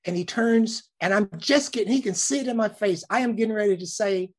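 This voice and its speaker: A man, a news cameraman telling a lively story in a casual interview. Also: high voice, brisk. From Alabama, United States. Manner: animated storyteller, acts out quoted voices.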